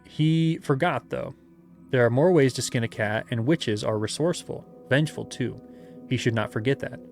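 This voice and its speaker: A man's voice: mid-range voice, normal speed, gravelly, faint music behind, natural voice. A man voicing a burned, vengeful female witch who speaks in cold, menacing pronouncements.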